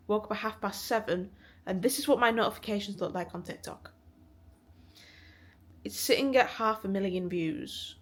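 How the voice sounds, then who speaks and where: A chatty young woman talks straight to camera in a relaxed vlog. She swears casually and breaks into laughter between thoughts, in a voice of ordinary middle pitch. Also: fairly quick. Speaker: vlogger and musician.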